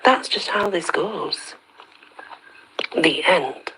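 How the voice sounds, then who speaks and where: A woman reading a story aloud as host of her own channel, steady and even, with soft half-whispered dips. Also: on the low side, drawn-out words, slight background noise, low-quality recording.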